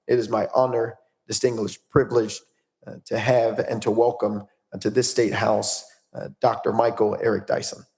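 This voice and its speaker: A man, a legislator, formally introducing a guest in measured speech with hesitant fillers. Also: lowish voice, level tone, creaky, darkish tone. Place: legislative chamber. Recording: reverberant chamber from a distance.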